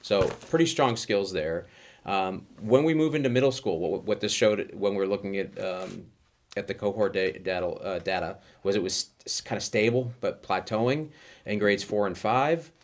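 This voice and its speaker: Very low-voiced man rushing through data. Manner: rushed, heavy with fillers and restarts. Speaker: school administrator presenting data. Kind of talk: meeting presentation. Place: school board meeting room.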